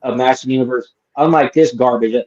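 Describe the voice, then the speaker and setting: A man's voice: mid-range voice, quick pace, darkish tone, highs cut off. A man co-hosting a live movie review stream, ranting in an angry, insulting, emphatic way. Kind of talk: casual profane rant.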